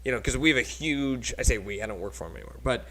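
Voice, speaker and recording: Bright-voiced chatty male podcast host. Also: mid-range voice, rapid-fire, poor audio. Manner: chatty rambling storyteller with frequent laughs. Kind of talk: casual podcast chat.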